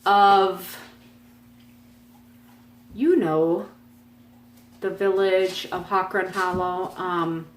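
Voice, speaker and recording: A woman's voice: steady tone, extremely slow, long pauses, reverberant, slight background noise. A woman chatting casually in a home vlog, rambling with lots of ums and restarts as she shows her stitching projects. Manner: pitches up sharply when calling her dogs. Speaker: cross-stitch vlogger. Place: at home, dogs nearby.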